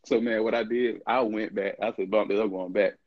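This former college football player, now middle-aged, talks briskly in a lowish voice with fairly even intonation while telling casual stories as an interview guest. He acts out quoted dialogue and laughs frequently. The recording sounds muffled, with no echo.

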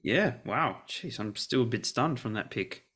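A man's voice: mid-range voice, lively intonation, unhurried, a bit bright, breathy edge. A man who is a guest on a sports podcast, chatting casually, reading out contract figures, and laughing easily.

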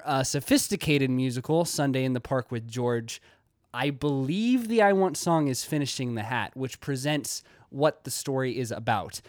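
A man's voice: medium pitch, dry recording. Rambling young man, dry close mic. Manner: rambling, many fillers and restarts. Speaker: video essay host. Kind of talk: casual video essay.

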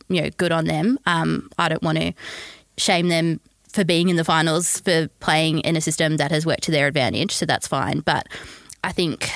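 Low-voiced Australian woman, earnest guest. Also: no echo, clean studio sound. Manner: earnest, hesitant, many ums. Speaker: podcast guest, football writer. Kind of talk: casual podcast chat.

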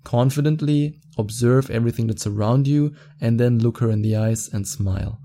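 A young male podcast host chats solo, handing out advice in an excited, fast-talking way and laughing easily. His voice sits at a medium pitch with a creaky edge.

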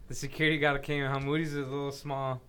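A man's voice: medium pitch, little pitch movement, quick pace, pushed and bright, slight background noise. Young man rambling through a story. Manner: rambling storytelling with many fillers and bursts of laughter. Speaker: podcast guest. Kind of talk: casual podcast chat.

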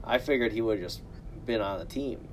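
A man talks baseball in a loose, joking way, swearing freely as he banters with his co-host. His voice sits in a middle range, and a faint low rumble hums under the recording. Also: a little fast, a little mellow. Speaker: podcast co-host. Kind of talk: casual sports chat.

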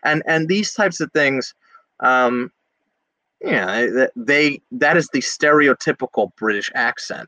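Young male actor from Virginia Beach, bright forward tone, loose and chatty, dry close sound. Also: medium pitch, normal speed, no room sound, low-quality recording. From Virginia Beach, USA. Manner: chatty, many fillers and restarts. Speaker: guest actor. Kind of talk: casual interview chat.

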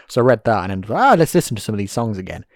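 A man's voice: on the low side, very fast, no echo, clean studio sound. A man chatting casually and animatedly, often acting out quotes. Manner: animated, acts out quotes in put-on voices. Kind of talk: casual chat.

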